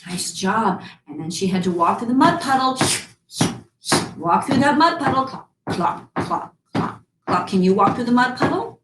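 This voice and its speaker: A woman in costume as a fairy-tale princess, telling a story to children in a sweet, animated way and coaxing them to join in. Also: fairly high pitch, moderate pace. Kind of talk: interactive storytelling in character for kids. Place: museum room. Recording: roomy, from far off, faint background noise.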